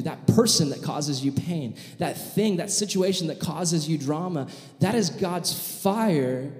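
A man preaching a sermon, telling a vivid story and acting out the voices of its characters in an animated way. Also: on the high side. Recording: echoey hall with long reverb.

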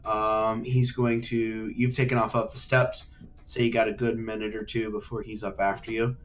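A young man narrating a tabletop game as game master, halting and rambling with fillers. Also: fairly low pitch, little pitch movement, a little hiss or hum.

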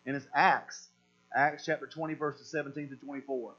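A man preaching a sermon as pastor, animated and repeating words as he acts out voices. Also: mid-range voice, normal speed. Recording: dull lo-fi recording with mains hum.

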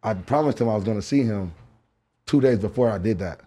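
Husky guy rattling off a story super fast, swears a lot, podcast studio. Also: lowish voice. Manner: excitable, profane, talks to himself in acted asides. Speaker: podcast guest. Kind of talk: animated storytelling.

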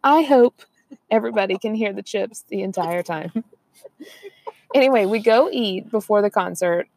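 A woman's voice: medium pitch, moderate pace, vocal fry, darkish tone. A woman, chatting casually and rambling on a podcast, laughing often. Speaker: podcast co-host. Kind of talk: casual chat.

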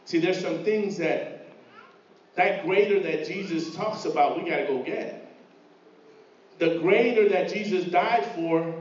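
A man preaches to his congregation, acting out the voices of the story he retells and building to fervor. His voice sits high. The recording is dull and echoing, picked up from far across a church hall. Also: moderate pace, a little mellow. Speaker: pastor. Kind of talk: sermon. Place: church sanctuary.

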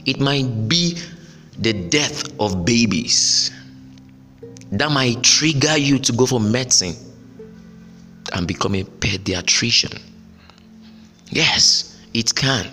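Bright-toned man giving motivational advice. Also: medium pitch, expressive, slow pace, long pauses, in a large hall, faint music behind. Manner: repetitive, emphatic, preacher-like. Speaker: podcast host. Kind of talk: motivational solo podcast.

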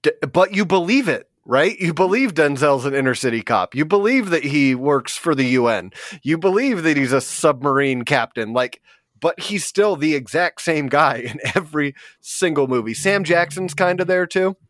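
With a slightly high, fairly bright voice, this man co-hosts a podcast and keeps things loose, laughing a lot and padding his rambling talk with fillers. He's animated at a moderate pace, and the studio-quality recording is dry.

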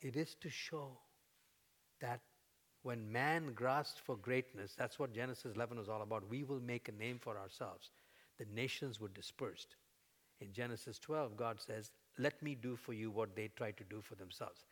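A man preaching a sermon, conversational with fillers, building to loud, emphatic peaks as he voices prayers. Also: medium pitch, normal speed. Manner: fillers and restarts, conversational teaching.

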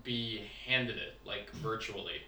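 A laid-back young man co-hosts a casual podcast, swearing as he talks. His voice is bright and a little high. He sits away from the mic in an echoey room with faint background hiss. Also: steady tone, a little slow, far from the mic. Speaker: podcast co-host. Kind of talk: casual chat.

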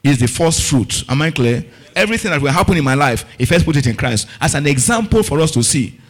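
Fast-talking and animated, this preacher has a voice on the high side. His sermon is fervent, and he repeatedly checks whether the congregation is following, repeating key words in call-and-response fashion.

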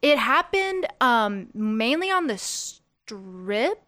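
A woman's voice: a little high, sing-song, extremely slow, pushed and bright, dry recording. A young woman, a singer, chatting casually as a podcast guest, laughing often and filling with "like" and "um".

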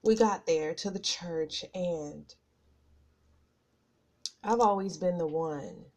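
Middle-aged lady podcasting from her desk, nervous and breathless, slow and mellow, lots of ums. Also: on the low side. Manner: nervous, rambling with many fillers. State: out of breath from nerves. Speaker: podcast host. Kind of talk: casual personal chat. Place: home office at a computer.

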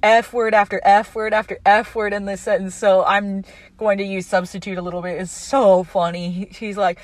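Young adult woman for a casual film recap, chatty and animated, with a mid-range voice recorded dry and close. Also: mid-range voice, normal speed, no echo. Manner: chatty, animated retelling with lots of fillers.

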